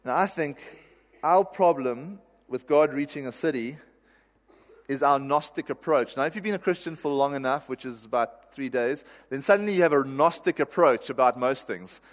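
A man's voice: mid-range voice, moderate pace. A male pastor giving a sermon in a conversational, self-deprecating way, laughing at himself now and then. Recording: reverberant hall.

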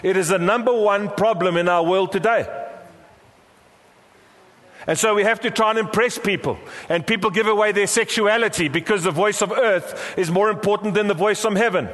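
A man's voice: sits high, normal speed, a bit bright. A middle-aged South African man preaching a sermon as pastor, prompting the congregation to repeat phrases back to him. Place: large church hall. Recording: long hall reverb.

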